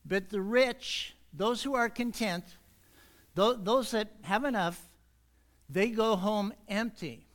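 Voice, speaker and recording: Pastor guy with a pretty high voice preaching in church, cracks a few jokes then drags out the big words. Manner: slows and stretches key words for emphasis; warms up with jokes, easygoing asides. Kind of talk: sermon. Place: church sanctuary.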